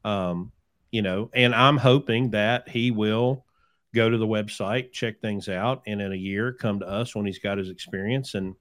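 A man's voice: lowish voice, fairly even intonation, a little slow, fairly bright tone. A man hosting a podcast, telling stories in a casual chat and acting out the people he quotes. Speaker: podcast host, trucking business owner.

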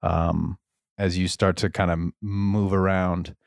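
A man narrating as game master in a tabletop game, casual and a bit halting. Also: low-pitched, flat delivery, gravelly, no room sound, studio quality. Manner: casual, hesitant with fillers.

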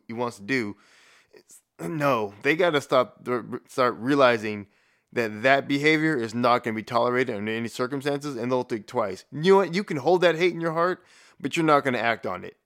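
A man's voice: medium pitch, a bit bright. A man giving a profane, rambling rant in blunt, casual commentary, with frequent restarts.

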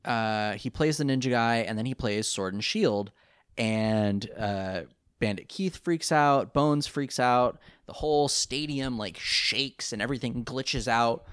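A cartoon-recapping podcast co-host talks unhurriedly in a clear, resonant, medium-pitched voice. His casual, rambling retelling is animated, full of put-on character quotes, and recorded cleanly in a studio with no room sound.

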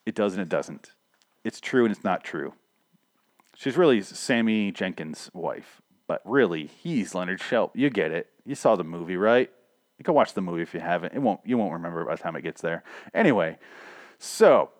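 Low-voiced man in a sarcastic TV recap. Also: animated, no echo, clean studio sound. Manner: sarcastic, profane, acts out characters in quick asides. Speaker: podcaster reviewing a TV episode. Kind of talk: casual comedic recap.

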